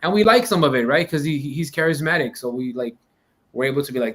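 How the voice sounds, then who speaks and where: An American man co-hosting a casual sports podcast, talking in a relaxed, agreeable way with some stammered restarts. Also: a little high, fast talker. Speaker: podcast co-host.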